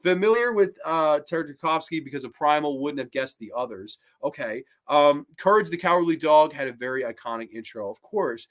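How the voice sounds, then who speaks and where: This is a man hosting a casual live stream about horror and cartoons. His voice sits somewhat high and leaps around with big, lively pitch swings. He rambles freely and drops plenty of curses along the way. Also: moderate pace, hardly any pauses. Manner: animated, rambling, swears a lot.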